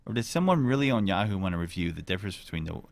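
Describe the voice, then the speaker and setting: A man's voice: deep voice, sing-song, racing, vocal fry, no echo. A man hosting a casual podcast chat, rambling and joking with crude language. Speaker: podcast host.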